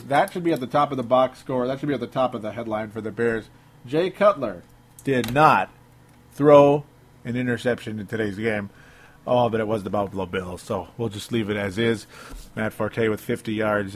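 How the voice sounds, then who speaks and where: Chatty sports talk host. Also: male voice, mid-range voice. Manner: chatty, chuckling, reads listener comments aloud. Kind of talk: casual sports radio talk.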